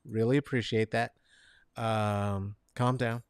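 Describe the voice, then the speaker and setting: A man's voice: mid-range voice, unhurried, no room sound. Rambling sarcastic man, dry close sound. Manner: rambling, sarcastic, swings from mutters to loud outbursts; talks to chat viewers by name. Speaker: show host. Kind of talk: comedic news commentary.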